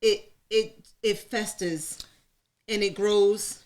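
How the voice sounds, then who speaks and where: A woman's voice: medium pitch, fairly even intonation, slow, darkish tone. A woman co-hosting a live talk circle, speaking openly about personal matters. She is chatty and candid and laughs easily as she shares. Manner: open, chatty, laughs often, calls herself an oversharer. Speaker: co-host. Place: room with a live audience.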